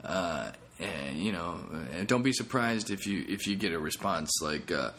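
A man's voice: low-pitched, animated, normal speed, a bit bright, slight background noise. A man who is a comedian, hosting a casual solo podcast in a rambling, profane way with self-mocking jokes.

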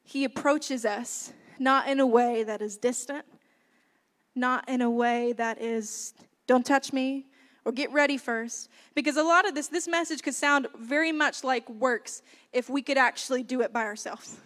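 A young woman preaching a sermon, earnest and lively. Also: high voice, moderate pace. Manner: earnest, lively, warm-hearted with laughs. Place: church hall. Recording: long hall reverb.

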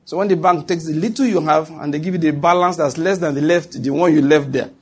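A man's voice: fairly high pitch, fairly quick, slightly rough. A man preaching a sermon to his congregation, emphatic and repetitive, often turning to check that his listeners follow him.

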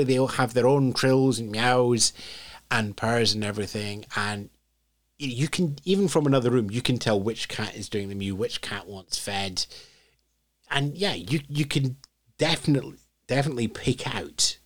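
A man's voice: medium pitch, moderate pace. A man hosting a podcast, asking friendly, inquisitive questions in a casual interview. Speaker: podcast host.

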